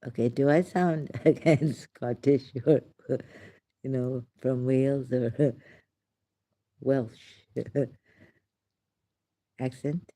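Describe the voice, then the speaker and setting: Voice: medium pitch, warm tone. A vlogger talking in a rambling solo monologue, laughing often and sighing between thoughts.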